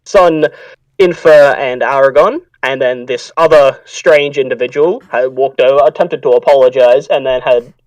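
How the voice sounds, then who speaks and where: A man's voice: medium pitch, moderate pace, darkish tone, dry recording, recorded from a distance, rough recording. Rambling male game master. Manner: rambling, many fillers, swears casually. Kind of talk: narrating a tabletop game.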